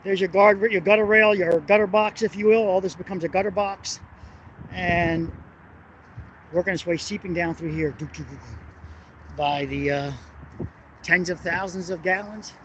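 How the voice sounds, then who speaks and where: A man with a high voice talks through the engineering of a bridge as he walks it at night, recording on a handheld camera. He rambles, hesitates, and swears when something annoys him. Wind and passing traffic come through loudly behind him. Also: steady tone, normal speed, long pauses, highs cut off. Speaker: construction engineering vlogger. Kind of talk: walking on-site explanation. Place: outdoors on a city bridge at night. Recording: noisy outdoor wind and traffic.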